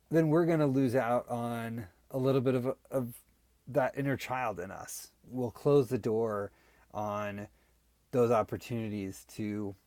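A man's voice: medium pitch, a little mellow, dry recording. Earnest storytelling man, dry sound. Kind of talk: casual podcast talk.

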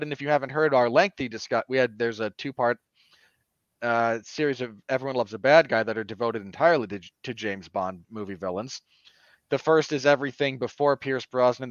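A man co-hosting a podcast, talking through a film review in an animated, opinionated way with sudden emphatic jumps. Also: mid-range voice, dry recording. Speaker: podcast co-host. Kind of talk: casual film review chat. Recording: dull, dry lo-fi podcast audio.

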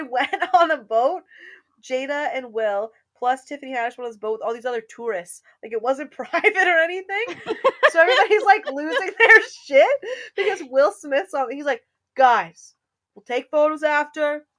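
Woman, slightly high voice, animated storytelling, casual chat host. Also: moderate pace. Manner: animated storyteller, laughs while telling. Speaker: podcast co-host.

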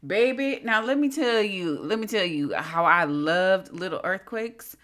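A woman's voice: mid-range voice, animated, measured pace, fairly bright tone. A woman co-hosting a casual gossip podcast, sassy and teasing, with playful slang. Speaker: podcast co-host.

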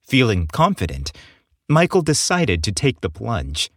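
A man narrating an audiobook story in a slow, expressive reading. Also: on the low side, dry recording, studio quality.

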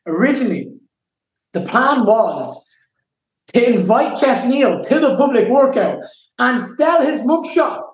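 A man's voice: very high voice, very animated, measured pace, echoey room, low-quality recording. A young Irish man giving an interview, talking with intense emotion and swearing freely. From Ireland. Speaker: guest fighter. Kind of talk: casual interview.

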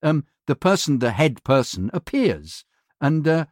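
A middle-aged man who does voiceovers, telling studio anecdotes in a casual, halting way, full of fillers and restarts, and often acting out other people's voices. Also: on the high side, very animated, dry recording. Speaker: voiceover artist.

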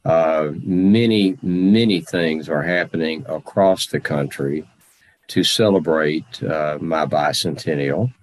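A man's voice: extremely low pitch, no room sound. A man playing a stately old general-president. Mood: earnest. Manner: slow, deliberate, formal nineteenth-century phrasing. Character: aging Civil War general and president, dignified, measured. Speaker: historical reenactor in character. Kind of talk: first-person historical portrayal.

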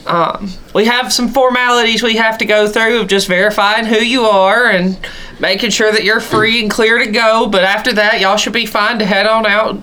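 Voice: medium pitch, fairly even intonation, normal speed, sharp tone, pitched above the performer's own voice, close to an everyday voice. A game master voicing a welcoming, folksy male tribal king of a roaming tribe in a tabletop game.

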